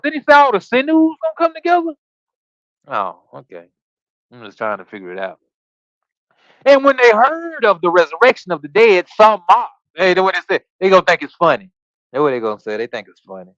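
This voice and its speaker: On a livestreamed Bible study, a man reads scripture aloud, then riffs on it in a casual, preachy style, quizzing listeners and dropping slangy asides between passages. His voice sits high and a bit bright, and his streaming mic gives a muffled recording with no echo.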